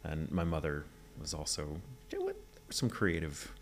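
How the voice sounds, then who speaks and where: A man's voice: very deep voice, huge pitch swings, a little hiss or hum. A man in his forties from Texas with a neutral mid-Atlantic accent, telling stories articulately as an interview guest. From Texas, USA. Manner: articulate, measured storytelling. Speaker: guest, voice actor. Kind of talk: casual interview.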